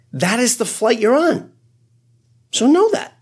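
A man who is a pastor, preaching a sermon in an animated, conversational way with frequent asides. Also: sits high, moderate pace, slightly rough.

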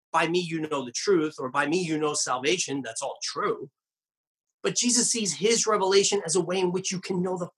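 A male pastor preaching a sermon in an earnest, emphatic way, with wry asides, slowing down and dropping low on key phrases. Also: husky.

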